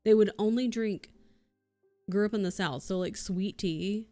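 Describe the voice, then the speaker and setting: A woman streamer in loose, unscripted chat, ranting and swearing as she goes. Her voice sits at an ordinary middle pitch for a woman. Soft music plays faintly behind her. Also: a little slow. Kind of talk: casual livestream chat.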